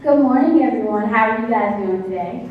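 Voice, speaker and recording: A woman's voice: on the high side, a little fast, phone-quality sound, background noise. Young woman greeting a room, far and echoey. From Virginia. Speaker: graduate assistant. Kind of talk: self-introduction at a staff meeting. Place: meeting room.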